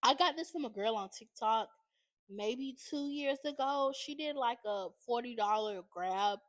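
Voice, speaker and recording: A woman's voice: a little high, measured pace, no room sound. A woman beauty vlogger talking casually through a makeup tutorial, chatty and constantly addressing her viewers as y'all.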